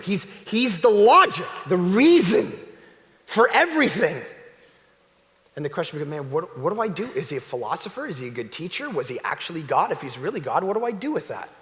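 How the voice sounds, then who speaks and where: Animated pastor preaching in a reverberant hall. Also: male voice, a little high. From Canada. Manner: animated, shifts from loud exclamations to hushed emphasis. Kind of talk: sermon. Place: church sanctuary.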